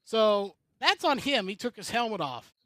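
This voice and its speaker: A man's voice: high-pitched, sing-song, moderate pace, sharp tone, no echo. A man giving opinionated racing commentary on a casual talk show, rambling through his points. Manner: rambling and opinionated, with filler-heavy restarts. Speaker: co-host commentator.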